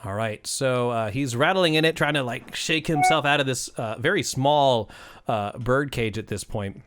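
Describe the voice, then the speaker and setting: A man's voice: mid-range voice, normal speed, fairly bright tone. A man running a tabletop game as game master, joking playfully with the players.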